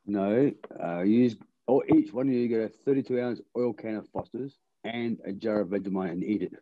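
A man calling in to a casual podcast, jokey and pushing a challenge on the hosts. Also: moderate pace. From Australia. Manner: jokey, interrupts to pitch a challenge. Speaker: caller on a podcast. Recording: muffled lo-fi call audio.

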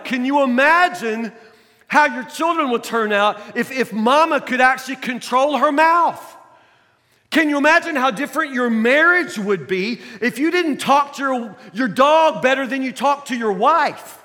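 An older man with a drawl preaches a sermon in a folksy, emphatic way. His voice sits high and bright. Long reverb from a large hall trails each phrase. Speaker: pastor.

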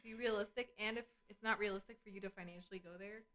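A woman's voice: medium pitch, steady tone, quick pace, a bit bright. A sleepy teenage girl co-hosting a casual chat, hesitant and often restarting. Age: teens. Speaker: co-host.

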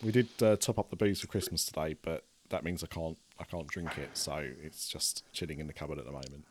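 A man hosting a casual group chat, laid-back and trailing off quietly at the ends of his lines. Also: rumbling low, steady tone, a little fast, a little hiss or hum. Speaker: podcast host.

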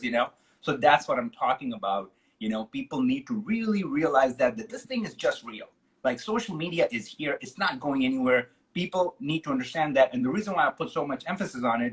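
A man's voice: medium pitch, a little fast, low-quality recording. A man hosting a casual interview, talking with energy and plenty of slang, often calling people dude. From Chicago. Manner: enthusiastic, slangy, says dude a lot. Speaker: podcast host.

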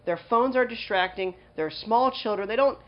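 A woman's voice: a little high, moderate pace. A woman co-hosting a podcast in casual chat, who jokes and keeps interrupting with questions. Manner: joking, interrupts often to quiz and tease. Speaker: podcast co-host. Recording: dull lo-fi recording.

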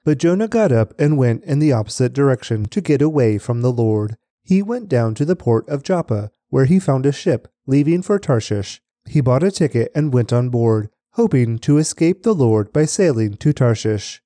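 Male scripture reader, very dark and mellow tone, measured delivery, dry close mic. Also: mid-range voice, expressive, no echo. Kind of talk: steady scripture reading.

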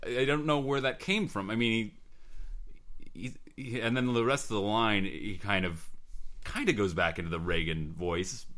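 A man with a very deep voice chats casually about films. He wanders into tangents and stumbles over restarts, hunting for the right words. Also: normal speed, fairly bright tone. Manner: rambling, hesitant with frequent restarts. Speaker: podcast co-host. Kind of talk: casual movie discussion.

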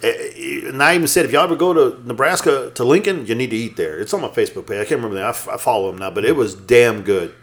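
A man's voice: mid-range voice, rapid-fire, hardly any pauses. A man in his fifties, co-hosting a podcast in casual chat, profane and joking, telling stories and laughing often. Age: 50s. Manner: storytelling, lively delivery. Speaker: podcast co-host.

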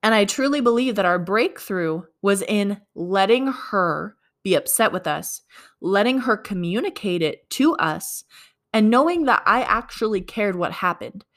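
A woman's voice: mid-range voice, lively intonation, a little slow, fairly bright tone. A woman working as a leasing agent tells a work story in a conversational way, acting out both sides of the dialogue. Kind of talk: storytelling sales advice.

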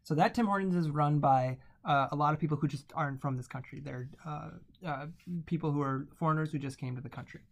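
A man's voice: fairly high pitch, fast talker, creaky, a little hiss or hum. A man around thirty telling a personal story in a casual conversation, checking in with the listener often. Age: late 20s to 30s. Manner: relaxed, anecdotal, uses "right?" often.

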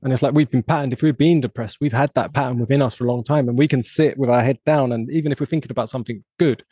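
A man's voice: mid-range voice, very fast, warm tone, slightly rough, no room sound. A man from England hosting a podcast, talking in a reflective, thinking-aloud way with lots of "like" and "you know.". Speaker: podcast host. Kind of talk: casual conversation.

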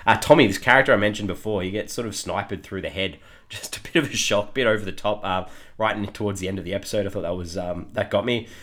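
A man's voice: lowish voice, fast, a bit bright. An Australian man hosting a podcast, chatting casually through an episode review with frequent chuckles and fillers. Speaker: podcast host.

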